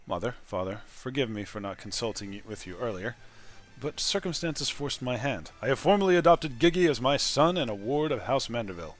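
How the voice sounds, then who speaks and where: A man voicing a grandiose, gallant young gentleman in a game, reading his lines in a pompous, declaiming way. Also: medium pitch, lively intonation, a little fast, close to an everyday voice. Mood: solemn.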